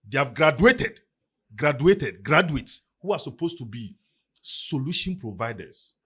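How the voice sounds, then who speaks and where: A middle-aged man with a Ghanaian English accent talks on a podcast with emphatic, preacher-like force. His voice is husky and slightly breathy. His pitch swings widely as he builds each point. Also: bright, forceful tone. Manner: preacherly, emphatic, rising and falling delivery. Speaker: podcast guest. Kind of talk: motivational podcast talk.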